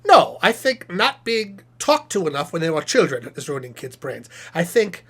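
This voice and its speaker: A man voicing a chatty, self-satisfied male puppet professor who hosts a live stream, reading chat questions aloud and rambling through them with deadpan jokes. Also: fairly high pitch, moderate pace, husky, heavily acted.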